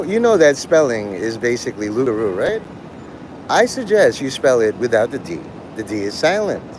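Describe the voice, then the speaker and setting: Background noise runs behind a medium-pitched man who is streaming live. He chats with viewers in a rambling, profane, deliberately provocative manner.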